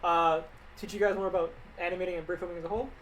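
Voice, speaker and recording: A young man rambling casually on a livestream, reading viewer questions aloud and answering them into a desk mic that clips when he gets loud. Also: high-pitched, steady tone, racing, slight background noise. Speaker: livestreaming animator.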